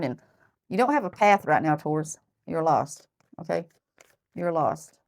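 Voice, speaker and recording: A woman's voice: lowish voice, expressive, normal speed. Blunt woman giving a tarot reading. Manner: blunt, repeats herself, thinks aloud. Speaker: tarot reader.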